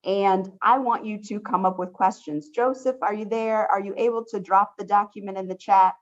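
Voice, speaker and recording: A woman's voice: medium pitch, fairly even intonation, moderate pace. A woman instructor leading an online study workshop, upbeat and encouraging, often saying how much she loves her students' questions. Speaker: college instructor. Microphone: video call. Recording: dull lo-fi video call audio.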